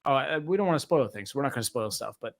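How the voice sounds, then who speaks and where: A man hosting a movie review podcast, telling stories in a lively, profane, casual way and mimicking people. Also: mid-range voice, quick pace, creaky. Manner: animated, profane storytelling with mimicry. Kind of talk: casual chat.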